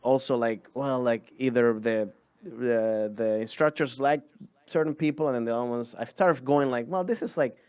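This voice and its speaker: A man's voice: mid-range voice, fairly even intonation, normal speed, darkish tone, smooth, no room sound. A young man from Venezuela, a comedian, chatting casually on a podcast and rambling with many restarts. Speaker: guest comedian.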